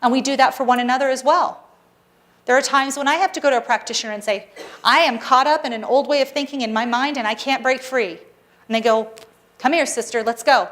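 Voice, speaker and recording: A woman's voice: sits high, a little fast, a bit bright. A woman practitioner giving a Sunday sermon to her congregation, earnest and encouraging, with playful asides. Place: church service hall.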